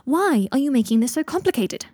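A woman voicing an earnest, affectionate young man, often soft and hushed, quick to flare up. The voice is husky and mellow. She is an audiobook reader doing his part. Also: sits high, very animated, no room sound, studio quality, voice pushed up. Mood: exasperated.

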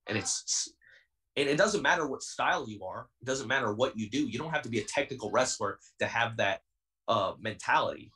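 A man's voice: on the low side, sharp tone, far from the mic, rough recording. A young man in his twenties, a pro wrestler being interviewed on a podcast, talking in a heated, defiant and intense way. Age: 20s.

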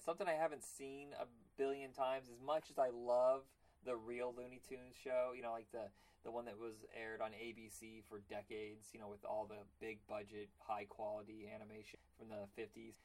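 A man hosting a podcast in a casual chat, rambling and excitable, often slipping into cartoon voices. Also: mid-range voice, fairly quick, few pauses. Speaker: podcast host.

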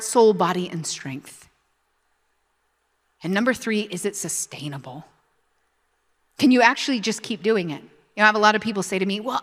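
A woman's voice: a little high, fairly bright tone, big-room sound. A woman pastor giving a sermon. She preaches with energy and draws the congregation into call-and-response.

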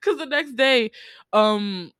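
A young adult voice in casual podcast chat, recapping a drama with an animated, incredulous edge and free swearing. The sound is dry and close, with no room around it, and the pitch sits in an ordinary middle range. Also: dry recording. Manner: animated, incredulous, swears freely, quick asides.

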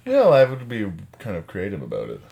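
Deep-voiced man with dry teasing. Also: huge pitch swings, fairly quick, creaky, dull audio. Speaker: podcast co-host. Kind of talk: casual chat over drinks.

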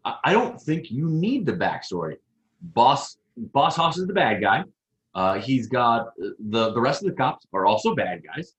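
Animated man in an echoey room. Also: mid-range voice. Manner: animated, quick interjections and fact checks. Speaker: podcast co-host. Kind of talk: casual movie review chat.

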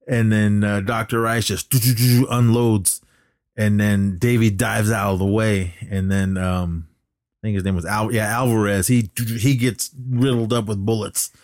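Speaking at a measured pace, this man has a lowish, steady, slightly mellow voice captured in studio quality without room sound. As co-host of a casual podcast, he recaps a movie rambly, heavy on fillers and acted-out lines.

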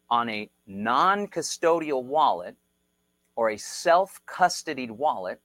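A man's voice: mid-range voice, fairly bright tone, no echo. Emphatic man explaining on a livestream. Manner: emphatic, repeats points, checks in with "okay?" and "right?". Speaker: livestream host.

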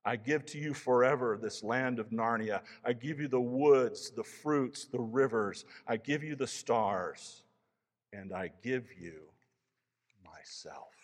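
Man reading a joyful lion creator, slow and solemn, hall reverb. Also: mid-range voice, close to an everyday voice. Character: great male lion creator, strong and joyful.

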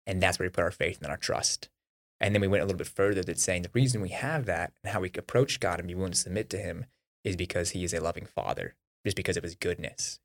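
A young man co-hosting a faith podcast, recapping the last episode in a quick, upbeat, conversational way. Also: low-pitched, a bit bright. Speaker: podcast co-host. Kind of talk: casual faith discussion.

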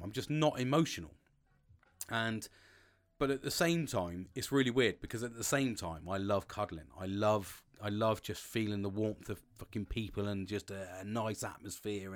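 A man with a somewhat low voice talks in a loose, casual chat. He rambles, starts sentences over and swears freely, in a frank and open way. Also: normal speed. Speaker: podcast host.

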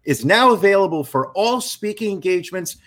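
A man's voice: sits high, animated, fairly quick, a bit bright, voice pushed up. A man putting on a slick radio announcer voice for a mock sponsor read. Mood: hyped. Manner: hyped announcer delivery.

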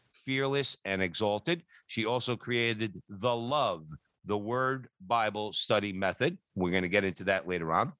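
A man's voice: fairly low pitch, bright, forceful tone, dry recording. A man co-hosting a radio talk show, introducing a guest in an upbeat, chatty way with frequent fillers. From New Jersey.

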